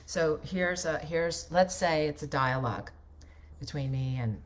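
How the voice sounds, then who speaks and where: A woman coach talks through voiceover tips in a loose, conversational way, in a slightly low voice. She keeps checking in with tag questions and doesn't polish every phrase. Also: a little slow. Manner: chatty, ends points with tag questions; loose, unpolished delivery with restarts. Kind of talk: casual on-camera teaching.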